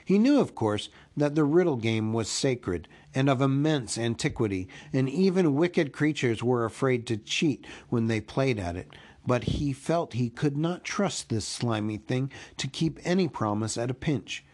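A man reading a classic storybook aloud as host of his own podcast, in a slow, expressive manner. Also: medium pitch.

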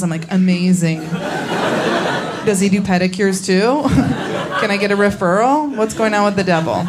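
A young woman from Indiana performing a live stand-up set, telling stories deadpan and acting out the people she quotes. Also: mid-range voice, measured pace, pauses often. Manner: deadpan storytelling, acts out quoted voices. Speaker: stand-up comedian. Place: comedy venue with a laughing audience. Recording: live show recording with clear audience noise.

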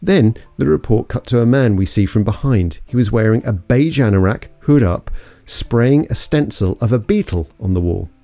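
A man's voice: mid-range voice, animated, moderate pace, dark tone, no echo, soft background music. A man from London narrating an investigative story in a suspenseful, scripted way. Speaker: podcast narrator.

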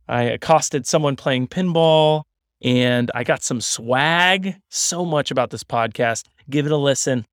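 A man's voice: medium pitch, fairly bright tone, clean tone, no echo, clean studio sound. A man hosting a podcast, who introduces the episode and interviews guests in a loose, upbeat, chatty way. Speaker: podcast host. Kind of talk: casual podcast chat.

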